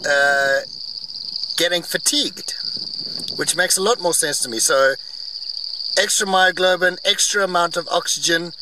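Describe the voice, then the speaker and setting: A man's voice: high voice, a little slow, pauses often. A man on a game drive giving rambling, opinionated, wry commentary outdoors from a vehicle. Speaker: vlogger on safari. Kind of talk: casual commentary. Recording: distant mic, faint outdoor noise.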